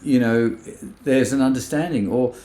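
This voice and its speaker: A man co-hosting a casual, reflective chat who talks gently and acts out quoted remarks in other voices. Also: mid-range voice, moderate pace. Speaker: podcast co-host. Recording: echoey room.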